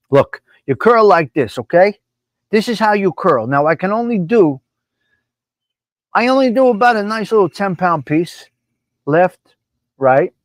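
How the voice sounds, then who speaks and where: A man's voice: on the high side, dry recording. A man hosting a live stream from his apartment, swaggering and profane, repeating lines for emphasis. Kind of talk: brash casual live-stream chat.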